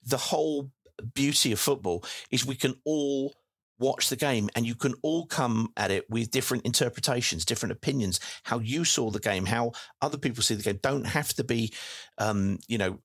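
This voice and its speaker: A man's voice: mid-range voice, moderate pace, dry recording, clean studio sound. A man hosting a casual post-match chat from England, reading out listener messages with lots of fillers and restarts. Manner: reads comments aloud with many fillers and restarts.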